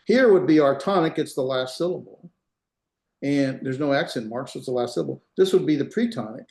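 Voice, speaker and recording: A man's voice: medium pitch, animated, brisk, darkish tone. A man giving a classroom lecture as a Hebrew instructor. He explains step by step, repeats examples and checks that students follow. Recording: roomy echo.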